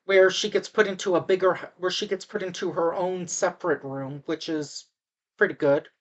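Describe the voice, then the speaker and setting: A woman's voice: on the low side, steady tone, normal speed. A woman casually recapping a movie, rambling with fillers and restarts, and talking to the audience in asides.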